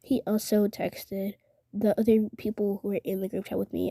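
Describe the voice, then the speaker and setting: A young woman vlogger tells a rambling, indignant story to the camera, slipping into whispers and leaning heavily on "like." Her mid-range voice is creaky and mellow, delivered flatly at normal speed with no room sound.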